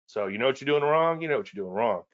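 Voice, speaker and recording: A man's voice: medium pitch, expressive, fast talker, dull audio. A man hosting a market show, teaching casually in a rambling, conversational way with self-deprecating asides and repeated points. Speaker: trading educator and show host.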